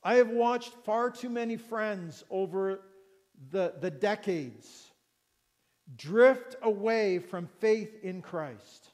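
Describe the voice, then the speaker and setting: A man's voice: high-pitched, slow, darkish tone. A middle-aged man preaching a sermon as pastor, earnest, repeating phrases and putting questions to his listeners. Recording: long reverb of a large hall.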